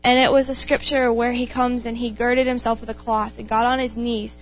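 A woman's voice: on the high side, flat delivery, a little fast, faint music behind, rough recording. A young woman giving an informal sermon to her church, earnest and passionate, repeating phrases for emphasis. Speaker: young speaker in a church gathering.

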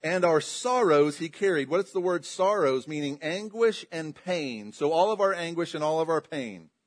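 Man, preacher, sermon, slightly high pitch, emphatic, loud then hushed. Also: lively intonation, moderate pace. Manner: emphatic, rising and dropping in pitch and volume; asks the congregation questions.

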